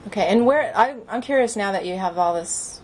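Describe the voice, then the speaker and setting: A woman's voice: medium pitch, animated, a little fast, a little mellow, slight background noise, poor audio. A woman hosting a podcast, asking questions with eager, laughing interjections. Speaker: podcast host. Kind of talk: casual chat.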